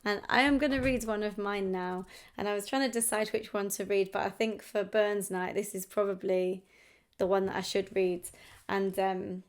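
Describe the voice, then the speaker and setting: A woman with an English accent reads poetry in an even, fairly level voice that stays in a middle pitch. Between poems she chats casually and reflectively, setting each piece up without hurry. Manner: reflective, unhurried delivery with casual asides. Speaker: poet. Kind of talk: poetry reading with chatty introductions.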